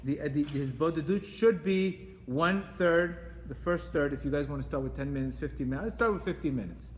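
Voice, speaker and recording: A man's voice: a little high, a little fast. A man giving a Torah class to a group, talking animatedly with rhetorical questions and repeated phrases. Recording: echoey hall with faint ambience.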